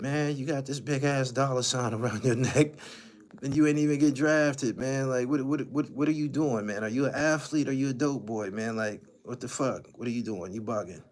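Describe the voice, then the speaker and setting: A man hosting a livestream, giving profane, ranting commentary and repeating his lines for emphasis. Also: medium pitch. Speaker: channel host.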